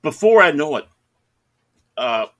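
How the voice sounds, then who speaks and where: A man's voice: fairly high pitch, very animated, unhurried, fairly bright tone, dull audio. A middle-aged man telling a long anecdote in casual chat, acting out the other people in the story in raised voices. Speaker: podcast co-host.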